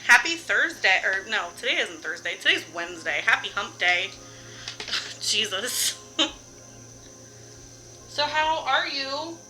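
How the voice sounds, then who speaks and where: A woman's voice: medium pitch, very animated, a little slow, sharp tone, a little hiss or hum, low-quality recording. A young woman streaming a game from home, chatting casually with her viewers, laughing often and swearing lightly. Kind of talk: casual live-stream chat while gaming.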